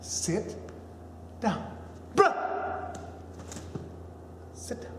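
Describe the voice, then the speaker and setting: A man's voice: drawn-out words, fairly bright tone. A man voicing a laid-back male skater-bro ghost who drawls and keeps saying "bro". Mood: mellow slacker. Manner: drawling, says "bro" constantly. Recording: echoey hall with faint noise.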